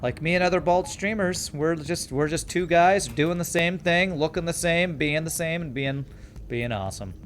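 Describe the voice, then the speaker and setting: A man's voice: fairly high pitch, moderate pace. Cheery mock-polite male game streamer. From Canada. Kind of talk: live game commentary reading chat.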